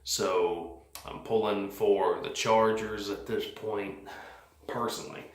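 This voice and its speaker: Indoors in a cold house, a sports fan vlogger shares casual post-game thoughts on his team, rambling plainly with lots of fillers. His lowish voice is steady and slow, with reverb and a little background noise.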